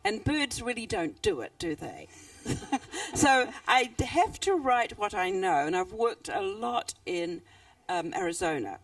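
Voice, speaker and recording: Older New Zealand author on stage, relaxed and chatty; slow talker, distant mic. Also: female voice, medium pitch, no room sound. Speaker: children's author. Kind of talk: stage interview. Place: stage at a book fair.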